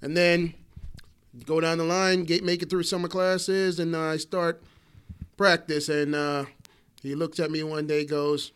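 A man in his forties telling animated stories in casual talk, laughing often and swearing freely. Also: on the high side, a little slow, clear, resonant tone. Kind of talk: casual storytelling.

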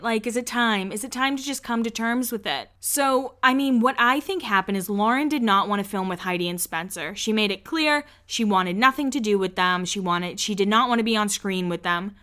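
On her podcast, a young woman recaps a reality show in a chatty, casual way, her medium-pitched voice fairly bright. She says "like" constantly and briefly mimics the people she's discussing.

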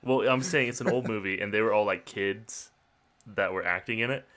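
A man co-hosting a podcast in casual chat, chatty with quick interjections. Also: on the low side, a crowd in the background. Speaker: podcast co-host.

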